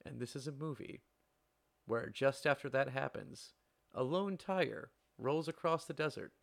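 Man, gravelly voice, casual movie chat, laughs a lot, rambling. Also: mid-range voice, expressive, a little slow. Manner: laughs often, rambling with many fillers. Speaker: podcast co-host.

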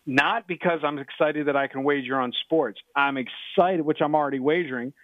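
A middle-aged man talks about betting on a sports radio show, circling back and restarting his thoughts. His voice sits a little high for a man and comes through a thin, dry phone line. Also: brisk, dry recording. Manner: rambling, repeats himself, many restarts.

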